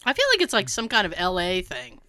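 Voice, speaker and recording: A middle-aged woman chatting on a podcast, her voice swooping high and low as she tells stories. Her tone is bright and crisp, and the sound is dry and close. She laughs a lot and swears now and then. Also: quick pace, no echo. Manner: animated storyteller who laughs often and swears. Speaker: podcast co-host. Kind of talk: casual chat.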